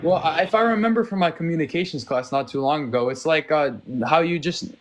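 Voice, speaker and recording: Defensive young man with a higher voice. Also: fairly quick, a little hiss or hum. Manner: defensive, hesitant, stumbling over words. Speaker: debate caller. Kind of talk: heated live debate.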